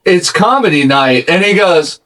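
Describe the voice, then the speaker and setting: A male comedian telling a story in casual podcast chat, relaxed and wry. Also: high voice, moderate pace, a crowd in the background, rough recording.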